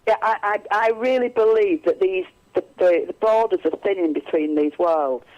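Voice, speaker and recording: A woman's voice: medium pitch, moderate pace, a little mellow, dull audio. A woman, a psychic medium, telling stories in a radio interview, rambling with many restarts and fillers.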